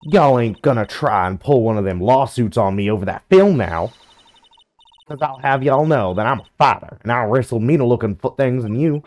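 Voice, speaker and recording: A man voicing a brash, feisty young woman photographer with a put-on American Southern drawl, loud and sassy. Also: mid-range voice, lively intonation, moderate pace, lightly acted.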